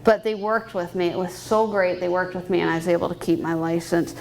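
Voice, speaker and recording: A woman's voice: fairly low pitch, flat delivery, fairly quick, darkish tone, low-quality recording. A woman in her thirties, a private pilot, giving a candid, upbeat personal talk at a fundraising banquet and laughing often. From Canada. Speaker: guest speaker and private pilot. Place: banquet hall.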